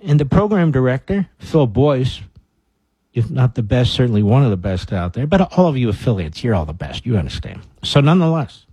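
A middle-aged male radio host reads the headlines, then tears into them with sarcastic, combative asides. His voice sits at an ordinary pitch and is recorded dry and close on a studio mic. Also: mellow, husky, no room sound. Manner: sarcastic, combative, reads news aloud and rants. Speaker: radio talk show host. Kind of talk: talk radio commentary.

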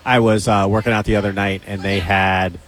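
A man hosting a casual chat show, animated and joking, firing off questions. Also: fairly low pitch, a little fast, slight background noise. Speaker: host.

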